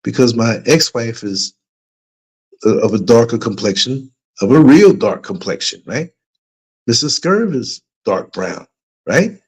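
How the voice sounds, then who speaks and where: A middle-aged man tells a story to his livestream audience in a loose, casual way. His pitch moves a lot as he goes, and his tone carries a light huskiness. When he quotes other people, he lifts his voice higher. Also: lively intonation, moderate pace, a little mellow. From United States. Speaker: livestream host. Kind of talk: casual storytelling to a live chat.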